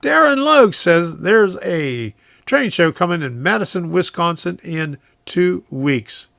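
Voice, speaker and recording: A man's voice: sits high, expressive, measured pace, gravelly, a bit bright, no room sound, studio quality. A man hosting a casual live stream from his home train room, rambling, chuckling often and reading viewers' comments aloud.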